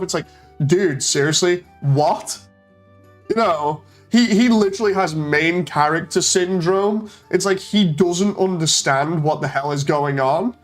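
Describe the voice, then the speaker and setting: A man streaming casually, telling a story with animated energy and reading out chat messages in a mocking tone. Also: on the high side, measured pace, soft background music. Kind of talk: casual stream chat, retelling an online exchange.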